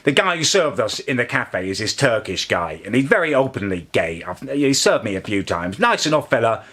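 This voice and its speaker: A young man hosting his comedy channel, delivering an indignant rant that keeps rising into shouts. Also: mid-range voice, sing-song, moderate pace. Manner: indignant, shouting ranting with Northern English slang.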